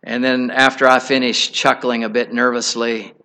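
A middle-aged man preaching a sermon, telling a personal story in an earnest, halting way with many restarts. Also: mid-range voice, flat delivery, sharp tone.

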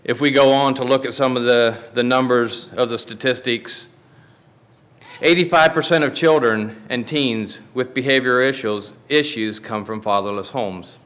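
A man's voice: medium pitch, moderate pace, a bit bright. Man preaching a folksy Father's Day sermon. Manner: folksy storytelling with restarts.

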